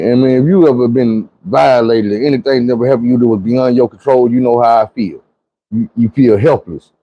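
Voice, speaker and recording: A man's voice: mid-range voice, mellow, rough recording. A man, telling a personal story in a conversational, emphatic way. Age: 40s. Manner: conversational, emphatic, repeats "you know what I'm saying".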